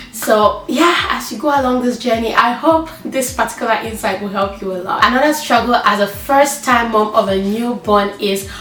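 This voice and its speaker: A woman's voice: on the high side, a bit bright, far from the mic. A woman vlogging as a first-time mother, chatting candidly and acting out her own frantic thoughts in little quoted asides. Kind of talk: candid personal vlog talk. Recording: echoey room with faint background music.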